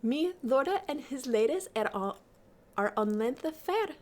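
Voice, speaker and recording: Coaxing, teasing court lady, voiced by a woman reader, lively high delivery. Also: unhurried. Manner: playful, coaxing recitation in old verse. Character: flirtatious noble lady teasing a knight.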